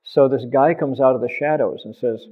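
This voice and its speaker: Storytelling man, animated, fills in sound effects; tinny narrow audio. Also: mid-range voice, a little fast. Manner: lively, uses sound effects and acted quotes. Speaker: storyteller in an oral history interview.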